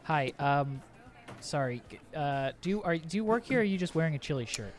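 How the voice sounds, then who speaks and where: A man's voice: a little high, animated, fairly quick, over music. Flustered, rambling man. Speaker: improv comedian. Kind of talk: improvised comedy scene.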